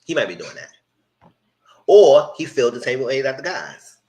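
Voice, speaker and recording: On a casual live stream, a male host recaps a reality show, animatedly imitating what the cast said in their voices. He speaks in a mid-range voice at a moderate pace, captured on a low-quality recording.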